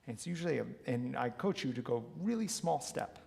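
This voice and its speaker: A man leading a wellness workshop and telling coaching stories in an earnest, animated way. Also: mid-range voice, brisk, vocal fry. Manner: earnest, animated storyteller who acts out quotes. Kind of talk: motivational storytelling talk. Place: large hall, live talk. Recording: long reverb of a hall.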